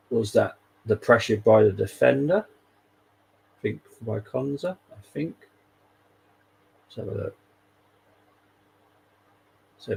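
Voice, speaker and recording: Gravelly, husky man. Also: on the low side, darkish tone, low-quality recording. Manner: casual, wry, laughs often. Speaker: fan channel host. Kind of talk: live football watchalong commentary.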